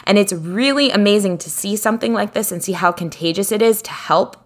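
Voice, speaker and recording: A woman's voice: medium pitch, a little fast. A woman co-hosting a podcast in casual chat, rambling with many filler words as she animatedly retells a story. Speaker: podcast co-host.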